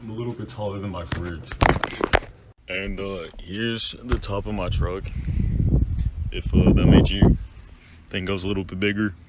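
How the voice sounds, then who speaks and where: A man with a very deep voice brags in a dry, sarcastic deadpan as he talks to the camera at home. Clear noise runs under his speech. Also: normal speed, long pauses. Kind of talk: casual social media video.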